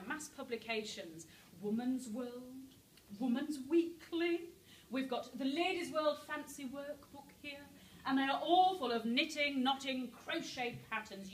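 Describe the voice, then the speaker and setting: A woman giving a lively, humorous talk to a live audience in a library, addressing the listeners directly. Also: high voice, slight background noise. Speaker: public speaker on women's history. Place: public library hall. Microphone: far from the speaker. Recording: roomy hall, heard from far off.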